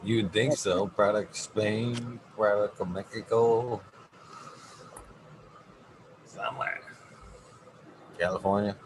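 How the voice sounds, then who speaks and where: A man's voice: on the low side, fairly even intonation, slow, long pauses, background noise. A man in a casual chat, cracking jokes and firing off questions. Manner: wisecracking, questioning.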